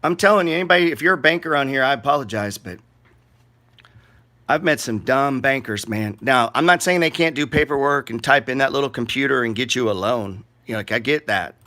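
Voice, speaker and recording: A man's voice: mid-range voice, a little fast, bright, forceful tone. Profane, blunt man ranting about markets. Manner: blunt, profane, sarcastic, rambling. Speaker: market commentary host. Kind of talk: casual ranting market commentary.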